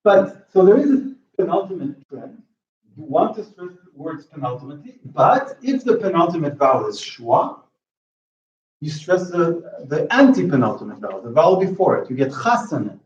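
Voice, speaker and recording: Halting lecturer man, roomy distant sound. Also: a little high, big pitch swings, darkish tone. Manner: halting, restarts, checks with "okay?". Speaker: linguistics lecturer. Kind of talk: academic talk with questions. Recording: roomy lo-fi hall recording from afar.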